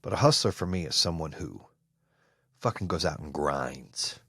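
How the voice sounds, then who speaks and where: A man hosting a podcast, giving an intense, profane motivational monologue with shouting bursts. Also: extremely low pitch, animated, normal speed, gravelly, slightly rough, no room sound, clean studio sound. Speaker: podcast host.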